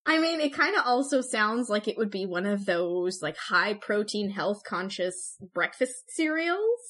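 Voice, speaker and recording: A woman co-hosting a podcast in casual, joking chat who laughs often and turns brisk when going through history notes. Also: medium pitch, sing-song, fairly bright tone. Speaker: podcast co-host.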